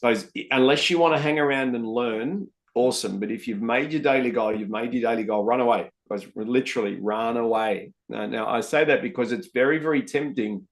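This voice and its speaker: Man, live-stream trading host, chatty and matey, mid-pitched voice. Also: a little fast, few pauses. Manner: chatty, addresses viewers as guys and mate. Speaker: trading educator hosting a live session.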